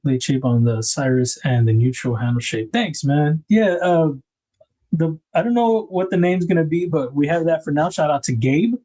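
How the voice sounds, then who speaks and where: Laid-back man, mellow voice. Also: a little high, moderate pace. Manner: rambling, laid-back, greets viewers in chat by name. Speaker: livestream host and knife designer. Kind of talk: casual livestream chat.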